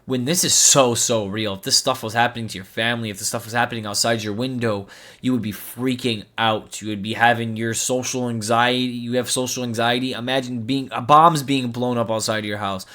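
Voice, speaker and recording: A man's voice: mid-range voice, steady tone, a little fast, bright, forceful tone. A man hosting a commentary channel, giving an impassioned, preachy monologue full of repetition.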